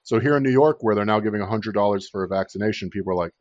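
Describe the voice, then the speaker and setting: A man's voice: lowish voice, racing, darkish tone, no room sound. A man hosting a casual political chat podcast, ranting sarcastically and swearing freely. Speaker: podcast host. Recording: dull lo-fi dry recording.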